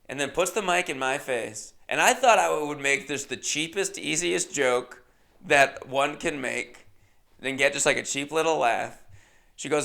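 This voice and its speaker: A man's voice: fairly high pitch, normal speed, gravelly, sharp tone. A man hosting a podcast, telling a comedic story in a wry, self-deprecating way. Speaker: podcast host.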